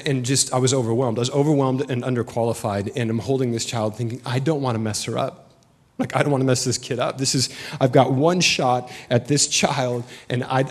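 Pastor, male, 30s, relaxed storytelling sermon delivery, mid pitch. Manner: casual, storytelling, joking asides.

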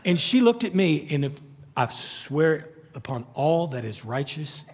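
A middle-aged man preaching a sermon, telling stories with animated energy that climbs to near-shouts. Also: fairly high pitch, unhurried, slightly rough. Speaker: pastor. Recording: long reverb of a large hall.

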